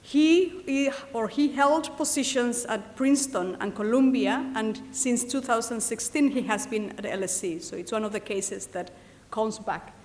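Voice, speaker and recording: A woman gives a formal introduction of a guest speaker, careful and a little hesitant as she goes through her notes. Her voice sits a touch high. The long reverb of a lecture hall hangs behind her. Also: measured pace, darkish tone. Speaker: session chair introducing the speaker.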